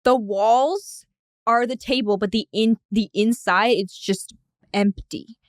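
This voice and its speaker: This is a woman chatting as a podcast guest, her voice sitting a little high. She tells a made-up scene with lots of energy and playful sound effects. The sound is close and dry, with no room around it. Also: dry recording. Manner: animated storyteller, makes sound effects, quick to explain. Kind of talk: casual chat.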